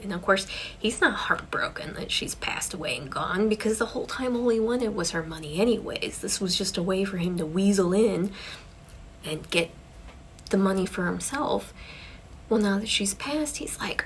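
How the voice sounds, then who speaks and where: A woman casually telling a ghost story, chatty, often dropping into hushed whispers. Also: medium pitch, animated, normal speed, slight background noise, poor audio.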